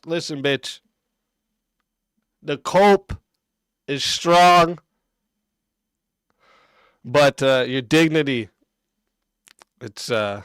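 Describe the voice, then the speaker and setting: A man's voice: fairly high pitch, a bit bright, clear, resonant tone, dry recording. A man streaming a reaction and ranting back at a clip, aggressive and mocking, cursing constantly. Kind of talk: profane reaction rant.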